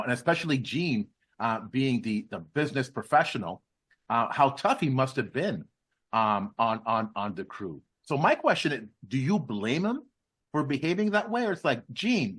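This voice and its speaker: Husky male podcast host, lively pitch. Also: normal speed. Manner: rambling questions with many restarts and fillers. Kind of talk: interview questions, casual chat.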